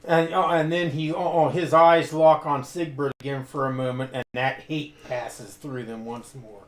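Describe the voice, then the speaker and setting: A man narrating his character in a tabletop game, telling it in a measured way with some hesitations, in an echoey room. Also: mid-range voice, steady tone. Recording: echoey room with faint ambience.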